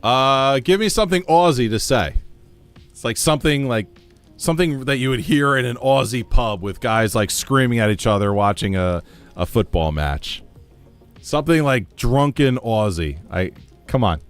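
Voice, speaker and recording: A man's voice: mid-range voice, lively intonation, moderate pace, soft background music. A man from the United States streaming a game, chatting casually, reading chat aloud and laughing often.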